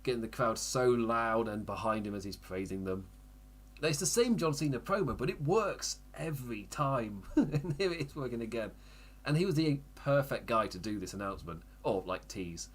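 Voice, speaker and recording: A man hosting a wrestling podcast, chatting casually with frequent laughs and quick self-interrupting asides. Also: medium pitch, animated, husky. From United Kingdom. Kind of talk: casual live recap commentary.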